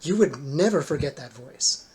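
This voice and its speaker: A game master running a tabletop game, narrating in a relaxed, unhurried manner with lots of ums, at a mid pitch. A clear hiss of noise sits behind the voice. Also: low-quality recording. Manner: relaxed, filler-heavy narration.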